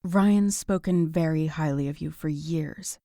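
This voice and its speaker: A woman voicing a poised, friendly young divorced woman in a romance audiobook, polite and soft-spoken. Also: deep voice, measured pace, no room sound, clean studio sound.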